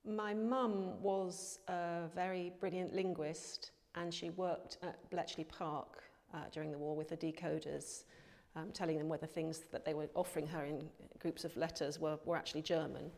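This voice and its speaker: Reflective older woman, lower voice. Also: flat delivery, moderate pace, gravelly, a little mellow. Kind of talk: documentary interview. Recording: long reverberant hall sound.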